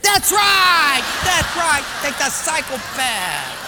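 A man voicing a loud, bossy male job interviewer who shouts his verdicts. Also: extremely high pitch, wildly swooping pitch, takes it slowly, heavy background noise, pitched above the performer's own voice, full character voice. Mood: shouting. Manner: shouting verdicts, pidgin phrasing. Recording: echoey hall reverb.

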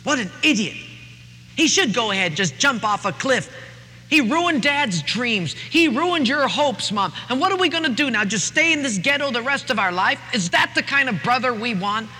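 A man's voice: very high-pitched, expressive, normal speed, sharp tone, slight background noise, voice pushed up, exaggerated voice. A man voicing an angry young woman ranting scornfully, recorded in a reverberant hall with faint ambience. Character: angry young woman scolding her brother.

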